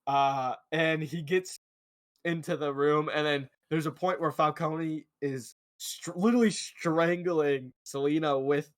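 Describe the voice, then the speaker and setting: Excited, swearing young man reviewing a film. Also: a little high, unhurried. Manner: excited, profane, rambling retelling of scenes. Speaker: podcast co-host. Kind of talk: casual movie review chat.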